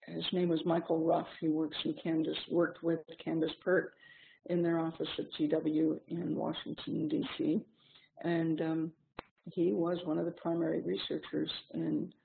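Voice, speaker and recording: Gravelly-voiced woman lecturing on a tinny recording. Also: low-pitched. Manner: measured, explanatory lecturing with frequent um pauses. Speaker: seminar instructor. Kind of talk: clinical seminar lecture. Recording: tinny lo-fi seminar recording with faint hiss.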